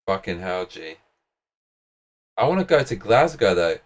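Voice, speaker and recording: A man's voice: mid-range voice, big pitch swings, unhurried, pauses often, a bit bright. A British man hosting a live stream, rambling casually with plenty of swearing and slang.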